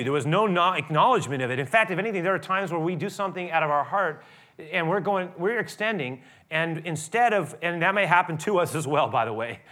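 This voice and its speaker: Bright-voiced male pastor preaching. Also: on the high side. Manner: conversational preaching, restarts, rises to emphatic peaks. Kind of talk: sermon.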